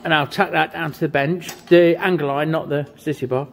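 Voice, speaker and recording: A man's voice: on the high side, fairly even intonation, brisk, creaky. A man in his fifties who builds custom motorcycles and tattoos, giving casual, blunt commentary on his work in a workshop and swearing freely.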